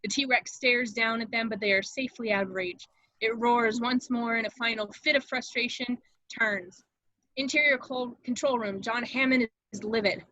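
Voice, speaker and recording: A woman narrating the stage directions at an amateur table read with a dramatic, expressive delivery. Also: fairly high pitch, moderate pace, no room sound, highs cut off.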